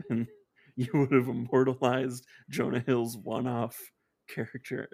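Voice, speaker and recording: Guy with a gravelly fry voice, sarcastic and rambly, casual podcast chat. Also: medium pitch, level tone, a little slow, darkish tone. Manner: sarcastic, rambling, self-interrupting. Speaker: podcast guest.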